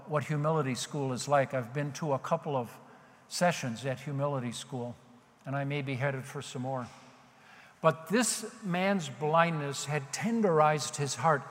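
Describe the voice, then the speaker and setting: A man's voice: fairly high pitch, fairly bright tone. A male pastor preaching a sermon in a conversational, self-deprecating way. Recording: long hall reverb.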